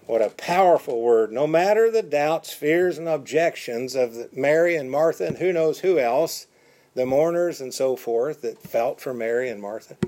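A man preaching a sermon, switching between calm teaching and animated, dramatic quotes. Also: medium pitch. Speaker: pastor.

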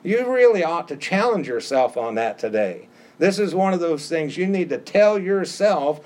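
A man's voice: a little high, animated, moderate pace, a little mellow. A male pastor preaching a sermon, emphatic and given to repeating key phrases, with casual asides to the congregation. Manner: conversational asides.

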